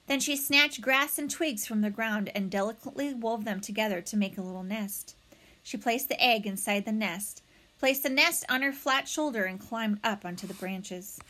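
A woman reading a children's novel aloud as narrator, with expressive storytelling. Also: a little high, normal speed.

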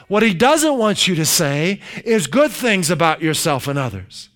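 A man's voice: high voice, big pitch swings, normal speed, a bit bright. A man pastor preaching a sermon, emphatic and repetitive, leading the congregation in call-and-response declarations.

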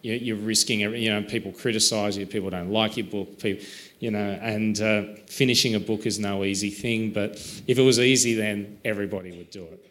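A man's voice: on the low side, fairly even intonation, fairly quick, a bit bright. Aussie guy chatting in an interview, thoughtful, bit rambly, self-deprecating. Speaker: author being interviewed. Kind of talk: reflective conversational interview.

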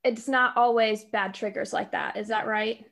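A woman's voice: fairly high pitch, steady tone, moderate pace, creaky, a bit bright. A young woman co-host chatting casually and sharing her own examples in a friendly way. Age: young adult. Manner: friendly, relates personal examples. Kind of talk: casual chat.

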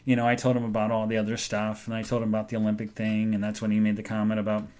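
A middle-aged man hosting a podcast, telling a personal story in a halting, rambling way and often going quiet and emotional. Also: on the low side, monotone. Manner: rambling, halting, full of restarts. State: emotional, subdued when speaking of his mother. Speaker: podcast host.

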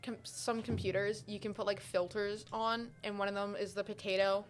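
A woman on a casual podcast telling an animated anecdote. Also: mid-range voice, moderate pace, soft background music. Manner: animated storyteller, giggly. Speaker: podcast co-host.

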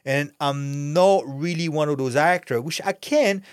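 A man's voice: fairly high pitch, a little slow, clear, resonant tone, no echo, clean studio sound. A middle-aged man from France with a French accent, talking candidly and bluntly as a podcast guest, swearing freely. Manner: blunt, profane, animated storytelling. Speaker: guest, actor and fighter. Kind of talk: candid podcast interview talk.

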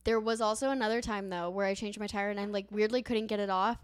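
A woman's voice: mid-range voice, steady tone, quick pace, clean tone, no room sound. A young woman co-hosting a podcast who chats casually, laughs easily and uses many fillers. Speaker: podcast co-host. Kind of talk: casual chat.

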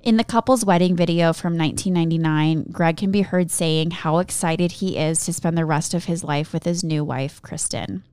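A woman's voice: lowish voice, moderate pace, hardly any pauses, darkish tone, clean tone, dry recording. A woman co-hosting a podcast, telling a true-crime story in a casual, chatty way. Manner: giggly, chatty banter between story segments.

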